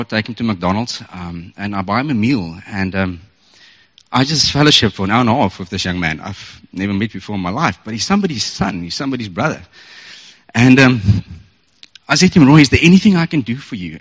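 Emotional man, low voice, testimony at church, muffled dull recording. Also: a bit bright, big-room sound. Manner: emotional, earnest, chuckles often. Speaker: church member sharing a testimony. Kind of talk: storytelling testimony. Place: church service.

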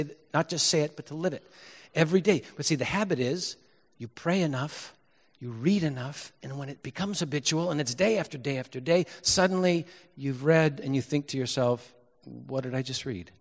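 A middle-aged man preaching a reflective sermon in a church, with a somewhat high voice. He repeats phrases for weight and drops from loud emphasis to near-hushed asides. A long reverb hangs after his words. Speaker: pastor.

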